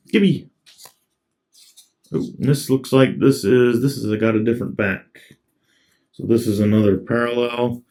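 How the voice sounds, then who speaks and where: Man, slow unhurried talk, gravelly fry, laid-back, casual card-opening commentary. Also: fairly low pitch, a little mellow. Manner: laid-back, reads off cards as he goes. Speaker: card collector opening packs.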